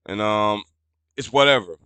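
Profane ranting man, bright and dry. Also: moderate pace, clean tone, no echo. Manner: profane, rambling, gets loud and high when indignant. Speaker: podcast host. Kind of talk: casual storytelling rant.

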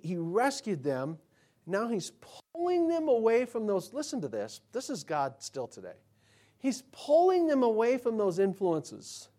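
Pastor preaching with loud bursts. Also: male voice, high-pitched. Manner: conversational preaching, swinging between soft asides and loud bursts. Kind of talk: sermon.

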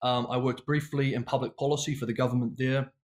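Measured New Zealand man. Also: medium pitch, level tone. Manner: measured, polite, explanatory. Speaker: guest, China consultant. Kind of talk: casual interview.

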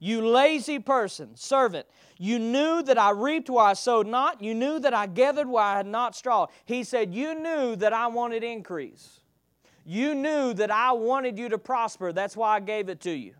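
A man preaching a sermon, reading scripture aloud and expounding it, calling on the congregation to respond and swinging between loud declaiming and soft asides. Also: very high voice, animated, a little slow, clear, resonant tone, dry recording, clean studio sound.

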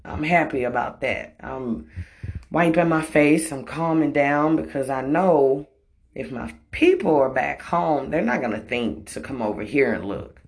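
A woman's voice: extremely low pitch, measured pace. A woman telling a personal story in a blunt, profane, emotional way. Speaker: storytelling vlogger. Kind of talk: casual storytime monologue.

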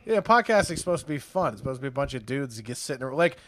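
A man's voice: medium pitch, very animated, rapid-fire, a bit bright, dry recording. A man joining a podcast by remote call as a comic guest, laid-back with crude jokes. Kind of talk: casual podcast chat.

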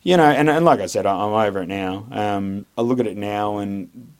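A deep-voiced Australian man with a low register tells his army stories in a loose, rambling way. He swears freely and circles back on himself with "um"s and false starts, blunt in his opinions as an interview guest. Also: brisk, slight background noise. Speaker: podcast guest, former army instructor. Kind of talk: casual interview storytelling.

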